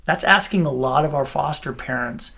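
A middle-aged man talks earnestly in an interview, often restarting his sentences. His voice is gravelly and sits a little high. He sounds heartfelt about the work he describes. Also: moderate pace, bright, forceful tone. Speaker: child welfare official. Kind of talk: radio interview answers.

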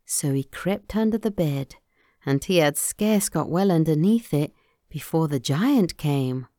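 A woman reading a folktale aloud in a measured, expressive manner. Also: sits low, no echo, studio quality. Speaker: storyteller.

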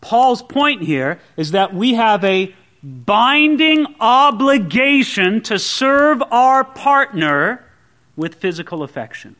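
A man's voice: high-pitched, expressive, slow pace, bright, forceful tone. A man preaching a sermon to a congregation, earnest and emphatic, with pointed rhetorical questions. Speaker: pastor.

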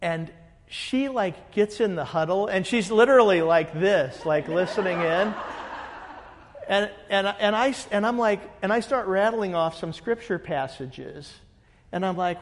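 A man, a pastor, telling a story in a lively way and acting out the dialogue. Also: sits high, unhurried, in a large hall. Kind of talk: animated storytelling.

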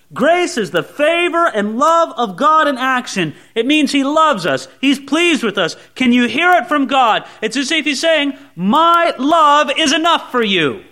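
A male pastor preaching a sermon, swinging between soft, low asides and raised, emphatic lines.

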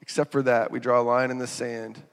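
A man preaching a sermon. He talks in an animated way, laughs, and acts out quotes in sudden loud, high bursts. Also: a little fast, vocal fry, clean tone. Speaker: pastor. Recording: reverberant hall.

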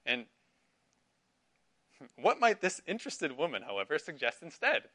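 A man's voice: a little high, wildly swooping pitch, unhurried, pushed and bright. A middle-aged man teaching a Sunday school class, asking his students questions and affirming their answers. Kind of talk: interactive Bible class.

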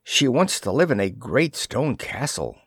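A man's voice: mid-range voice, very animated, a little slow, a bit bright, breathy edge, dry recording, studio quality, exaggerated voice. A man reading aloud, voicing a timid poor fisherman who pleads and hesitates. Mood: pleading.

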